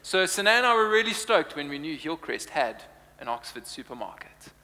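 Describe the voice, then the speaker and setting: Jasny głos młodego kaznodziei w sali. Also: male voice, on the high side, very animated, normal speed, sharp tone, in a large hall. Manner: playful, chatty, laughs often. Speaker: preacher. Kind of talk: humorous sermon. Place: church hall.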